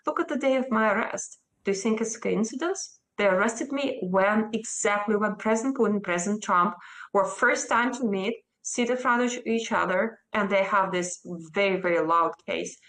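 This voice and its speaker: A woman's voice: mid-range voice, normal speed, fairly bright tone, low-quality recording. A woman from Russia, a native Russian speaker with a Russian accent, answering a news interviewer in an earnest, emphatic and defiant way. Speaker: interview guest.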